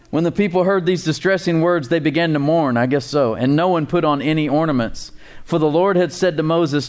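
A man preaching a conversational sermon as pastor and Bible teacher, emphatic and animated, chuckling at his own points. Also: fairly high pitch, normal speed, clear, resonant tone.

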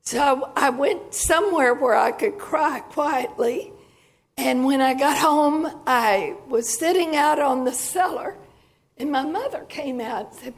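A woman telling a personal testimony in church, hoarse and clearing her throat often, in a slow, folksy storytelling manner. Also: high voice. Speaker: church speaker giving testimony.

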